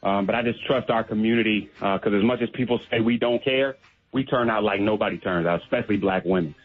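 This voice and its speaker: A man's voice: fairly low pitch, fast talker. A man, a radio contributor, chatting casually and urging listeners on. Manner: encouraging, rallying. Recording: dull lo-fi with faint music.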